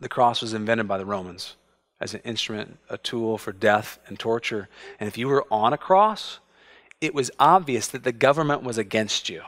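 A man, preaching a sermon and telling family stories with lively voices. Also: on the low side, normal speed. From United States. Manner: animated storytelling, acts out family voices. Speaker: pastor. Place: church sanctuary.

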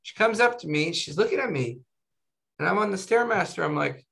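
Chatty man, slightly high voice. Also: fairly quick, vocal fry. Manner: animated storytelling, tags 'right?' and 'you know'. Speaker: physician guest. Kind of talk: casual interview chat.

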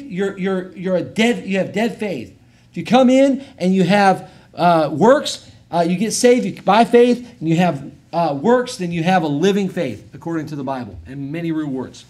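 An American man preaching a sermon as pastor, emphatic, swinging between loud and quiet, and reading scripture in a measured cadence. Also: sits high, expressive. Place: church service.

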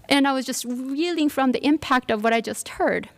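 Woman, gravelly voice, halting storytelling, fillers and restarts, workshop talk. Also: sits high. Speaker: workshop speaker. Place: lecture room.

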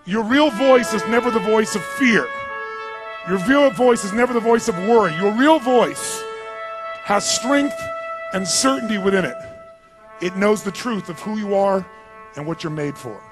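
High, commanding man leading a crowd. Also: a little slow, music in the background. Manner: commanding, drives the crowd with repeated shouted phrases. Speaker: motivational speaker. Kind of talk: live seminar address leading audience chants. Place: large hall at a live event.

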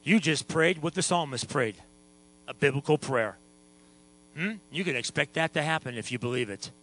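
A man preaching a lively sermon as pastor, sometimes singing and shouting, with a hum behind him. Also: fairly high pitch, normal speed, rough recording. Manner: animated preaching, sings and shouts at times.

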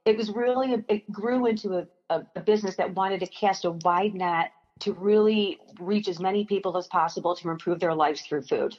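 A young woman, a company founder, telling a personal story in a podcast interview, halting and emotional with frequent restarts. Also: mid-range voice, fairly even intonation, darkish tone, muffled recording. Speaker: guest, company founder and chef.

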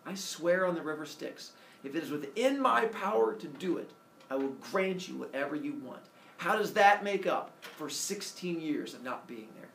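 A man's voice: a little high, animated, normal speed, vocal fry, a bit bright, a little hiss or hum. A man voicing an absent father who is a sun god, talking in a casual, apologetic way. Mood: sheepish. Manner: casual, apologetic dad talk. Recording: roomy room, distant mic.

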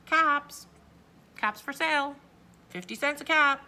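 A woman voicing a grown male cap peddler who scolds and shouts his demands. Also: high voice, slow, voice pushed up, heavily acted. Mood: calling out.

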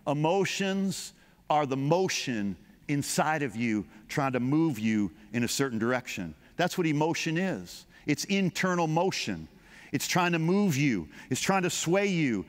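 A man's voice: a little high, in a large hall. A man preaching a sermon as pastor, building repeated phrases with passion. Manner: impassioned, repetitive preaching cadence.

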